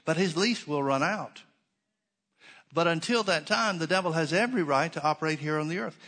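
A male pastor delivering a sermon in a fairly high-pitched voice. He preaches emphatically, working through rhetorical questions and tossing in dry, sarcastic asides. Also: expressive, a little fast, fairly bright tone.

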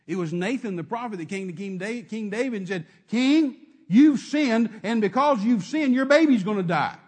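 A man's voice: high-pitched, darkish tone. A man preaching a sermon, emphatic and repetitive, calling out to his congregation.

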